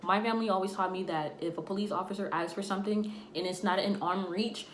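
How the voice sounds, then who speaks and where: A young woman telling a storytime tale in a casual, animated way, acting out the voices of the people in it. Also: medium pitch, fast. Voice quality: animated, acts out quoted voices. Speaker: storytime vlogger. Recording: echoey room, faint noise.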